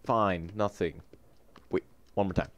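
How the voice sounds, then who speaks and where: A man's voice: sits low, fairly even intonation, measured pace. A man commenting on a video game he plays, joking and mocking himself. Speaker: gamer.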